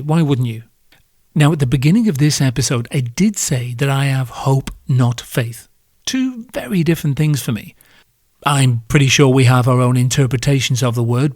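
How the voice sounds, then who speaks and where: A British man delivers a solo podcast rant, sardonic and crude, swearing freely. His voice sits at an ordinary middle pitch. It is recorded close and dry with no room sound. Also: darkish tone, no room sound. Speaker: podcast host.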